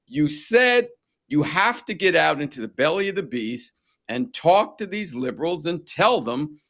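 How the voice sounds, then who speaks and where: High, lively, bright-voiced male host. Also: a little slow. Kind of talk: conversational political interview.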